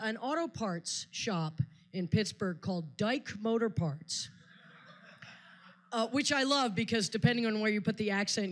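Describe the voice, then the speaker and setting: A woman doing a stand-up set on a live stage, telling stories in a dry, wry way. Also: medium pitch. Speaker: stand-up comedian.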